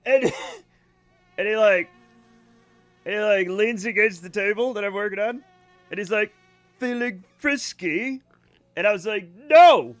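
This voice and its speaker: A man's voice: sits high, fairly even intonation, normal speed, long pauses, fairly bright tone. A man livestreaming a game and telling rambling stories in a casual chat, often laughing and correcting himself. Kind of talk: casual storytelling while gaming.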